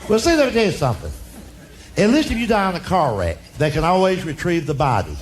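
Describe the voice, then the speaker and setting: A middle-aged American stand-up comedian tells folksy, drawling stories on a comedy club stage before a live audience, his voice high-ish, sing-song and quick. It's a live club recording through a stage mic, with crowd noise and audience laughter behind him.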